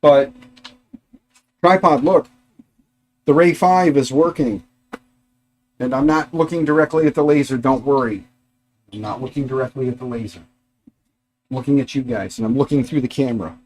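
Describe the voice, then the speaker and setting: A man's voice: mid-range voice, moderate pace, long pauses, a little mellow. A middle-aged man hosting a casual livestream from his garage workshop, rambling chattily and talking to his dogs and viewers. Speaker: livestream host.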